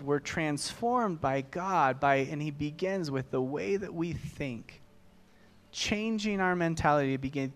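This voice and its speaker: A man preaching a sermon as pastor, speaking earnestly and conversationally, repeating his key phrases. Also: fairly high pitch.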